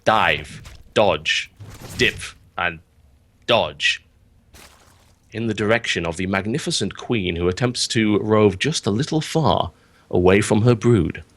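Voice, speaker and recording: Man putting on a low, reverent wildlife documentary narrator, slow and hushed, mock nature film voice. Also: expressive, heavily acted. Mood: reverent awe. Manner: slow, reverent, lingering on words.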